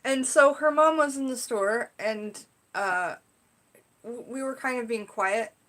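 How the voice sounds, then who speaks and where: A woman's voice: on the high side, measured pace, a bit bright. Chatty woman teaching on a live stream. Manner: chatty, rambling, frequent "like" and "you know". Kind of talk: casual livestream teaching and storytelling.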